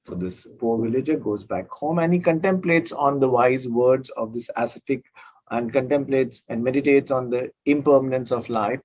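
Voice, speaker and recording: A man's voice: medium pitch, moderate pace, darkish tone, low-quality recording. A man who works as a counselor tells a parable and then gives advice, talking with emphatic repetition and frequent hesitations. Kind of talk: storytelling and self-help talk.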